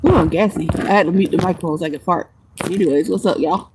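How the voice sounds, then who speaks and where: A woman's voice: on the low side, fast talker, background noise. A young woman with a Southern country twang chatting playfully with viewers on a livestream, laughing often and swearing casually. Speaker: livestream vlogger.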